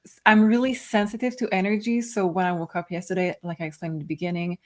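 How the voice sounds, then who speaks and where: Soft-spoken woman, slow and thoughtful. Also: on the low side, flat delivery. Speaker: tarot reader. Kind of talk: livestream chat.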